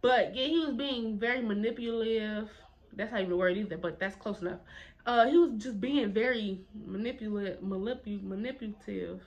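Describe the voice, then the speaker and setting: A woman vlogger telling a story to camera in a casual, animated, blunt and profane way, repeating phrases for emphasis. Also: mid-range voice, a little fast, dull audio.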